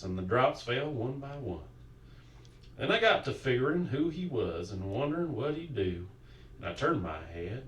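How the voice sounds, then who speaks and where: A man's voice: mid-range voice, a little hiss or hum, natural voice. A man putting on a Southern cowboy drawl to read a frontier ballad aloud as a dramatic poetry reading. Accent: put-on American Southern drawl. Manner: slow drawling storytelling. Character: gruff old frontier cowboy storyteller, male. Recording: roomy, distant mic.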